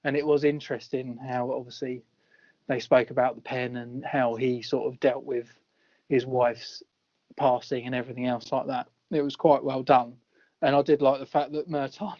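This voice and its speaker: A man's voice: mid-range voice, steady tone, normal speed, a little mellow. A man co-hosting a casual film review podcast, easygoing and agreeable. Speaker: podcast co-host. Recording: lo-fi podcast audio.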